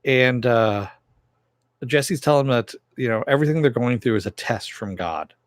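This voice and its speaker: A man's voice: expressive, moderate pace, dry recording. Man casually recapping a TV episode, dry sound. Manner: rambling, many fillers, raises pitch when quoting characters. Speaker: TV episode reviewer.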